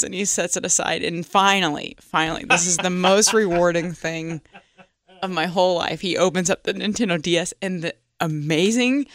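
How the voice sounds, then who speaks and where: A woman's voice: lowish voice, normal speed, no echo. A woman co-hosting a podcast, telling a family story in chatty, casual talk with laughter. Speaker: podcast co-host. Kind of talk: casual chat.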